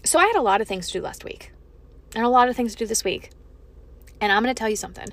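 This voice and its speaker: A young woman hosting her own podcast, talking frankly and emphatically, swearing freely as she opens up about feeling low. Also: lively intonation, quick pace, fairly bright tone, no room sound. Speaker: podcast host. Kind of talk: candid solo podcast monologue.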